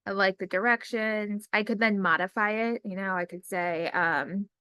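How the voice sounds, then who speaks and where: A woman's voice: medium pitch, fairly even intonation, sharp tone, clean tone, no echo. Woman, teacher trainer, casual demo lesson, reads typed prompts aloud, dry close sound. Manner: casual, talks while typing prompts aloud slowly. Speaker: special education teacher trainer. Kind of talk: screen-recorded demo lesson.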